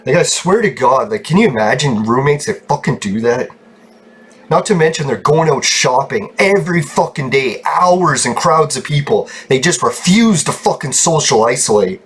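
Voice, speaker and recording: A man's voice: mid-range voice, lively intonation, normal speed, breathy edge. A man streaming a game from his room at home, ranting angrily and swearing constantly as he rambles on. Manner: angry, heavy swearing, rambling. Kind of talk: ranting casual stream talk.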